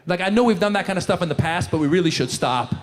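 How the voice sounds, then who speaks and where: A man performing a stand-up comedy routine in a punchy, animated way, in a live show. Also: sits high, quick pace, a little hiss or hum. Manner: punchy, animated, acts out characters in funny voices. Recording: live show in a large hall with audience.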